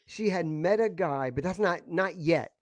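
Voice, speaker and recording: A middle-aged man telling a personal story in a casual podcast chat, emotional and halting, often repeating his words. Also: high-pitched, no echo. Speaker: guest.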